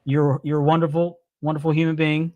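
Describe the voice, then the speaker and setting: A man's voice: on the high side, flat delivery, fairly quick, no echo, highs cut off. A man hosting a live-stream talk show who speaks indignantly and repeats his points for emphasis. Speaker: podcast host.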